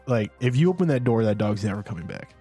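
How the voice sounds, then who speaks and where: A man's voice: fairly low pitch, lively intonation, fast talker, warm tone, slightly rough, faint music behind. A man co-hosting a podcast, chatting casually and telling rambling stories full of fillers. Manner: rambling, filler-heavy storytelling. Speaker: podcast co-host. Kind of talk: casual chat.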